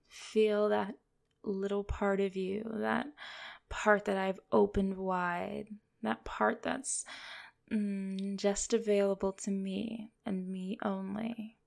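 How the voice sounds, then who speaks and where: A woman speaking in a commanding, teasing way for an erotic hypnosis role-play, breaking into soft low laughs. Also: little pitch movement, slow pace, creaky. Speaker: dominant hypnotist persona.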